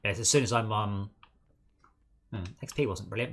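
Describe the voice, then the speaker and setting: A man's voice: on the low side, normal speed. A man streaming a co-op game, chatting casually and self-mockingly while calling out targets and coaching his teammates. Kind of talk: casual gameplay chat.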